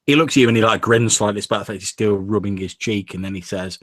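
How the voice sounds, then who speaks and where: A man's voice: lowish voice, quick pace, fairly bright tone, no echo. A man narrating a tabletop game as game master in a casual, filler-heavy way.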